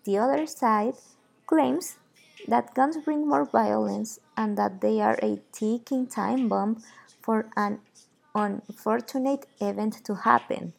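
Mexican-accented woman host, gravelly edge. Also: on the high side, slow, a little mellow. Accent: Mexican Spanish. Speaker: podcast host. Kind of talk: scripted podcast hosting.

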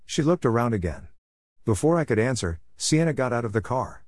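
A man reading a story aloud in a steady, even manner, as an audiobook narrator. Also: mid-range voice, a little fast, no room sound, clean studio sound. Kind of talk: scripted narration.

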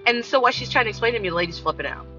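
A woman's voice: on the high side, rapid-fire. A woman telling a story from work in a casual monologue and acting out the voices of the people in it. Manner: animated, acts out voices in her story. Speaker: vlogger. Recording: dull lo-fi sound with faint music.

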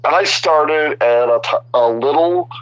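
An older man in his sixties chats as a guest, his stories full of restarts and sudden animation. His voice sits a little high. The audio is dry and somewhat dull, like a remote radio call. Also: slow pace, no echo. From Chicago area. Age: 60s. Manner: rambling, animated, many restarts. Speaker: guest artist. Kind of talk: casual storytelling interview.

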